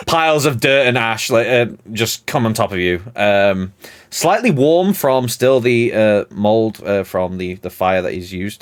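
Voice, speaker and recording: A man narrating as game master in an animated, rambling storytelling manner. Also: on the low side, normal speed.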